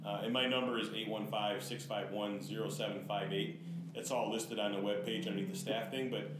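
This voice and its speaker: A man speaking in a relaxed, casual chat, giving clear practical instructions. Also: lowish voice, a little fast. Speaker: track staff guest. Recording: echoey room with noise.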